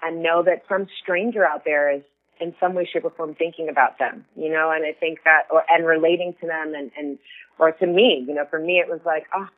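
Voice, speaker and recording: A woman's voice: low-pitched, steady tone, brisk. A woman guest in casual chat, talking in an earnest, effusive, rambling way. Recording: tinny phone line.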